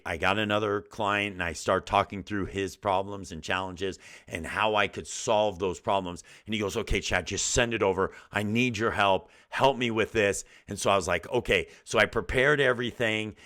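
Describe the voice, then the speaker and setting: A man's voice: sits low, bright, forceful tone. A middle-aged man hosting a motivational talk, telling earnest stories with frequent restarts. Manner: earnest storytelling with self-quotes and restarts. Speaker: podcast host.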